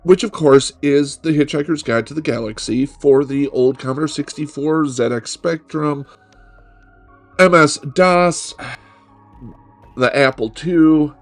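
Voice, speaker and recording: A middle-aged man hosts a casual video game review monologue on his channel, speaking at a measured pace in a fairly high voice over soft background music. He is wry and joking, rambling with self-corrections.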